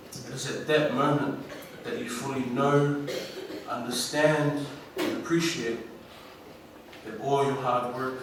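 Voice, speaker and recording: A man with a New Zealand accent giving an inspirational graduation speech, slow and emphatic, heard from far off through a hall's speakers. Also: medium pitch, a little hiss or hum. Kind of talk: ceremonial speech. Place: large school hall. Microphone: PA microphone, recorded from the audience. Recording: echoey hall from far off.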